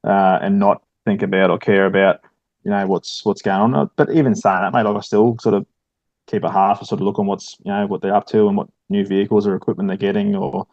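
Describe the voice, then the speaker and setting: Laid-back Australian man, flat low voice. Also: fairly quick, no echo, lo-fi sound. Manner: laid-back, many fillers, says "mate" often. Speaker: guest, firefighter and army veteran. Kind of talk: casual podcast chat.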